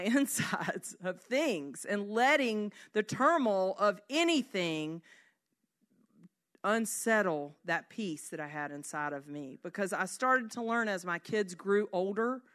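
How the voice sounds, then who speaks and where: A woman giving a devotional teaching in an earnest way, reading scripture slowly and at times dropping to a soft hush. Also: mid-range voice. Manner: earnest, slows down to read scripture. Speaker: speaker.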